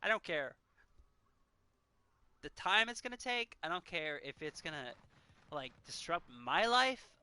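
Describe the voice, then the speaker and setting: A man's voice: a little high, sing-song, unhurried, pauses often, sharp tone, clean tone. A man in his thirties, a game streamer talking earnestly and emotionally, choked up and sighing often. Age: 30s. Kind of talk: casual chat while gaming.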